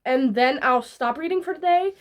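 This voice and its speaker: A woman's voice: high voice, moderate pace. A young woman chatting casually in a reading vlog, talking to the camera with lots of "like" fillers. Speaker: book vlogger.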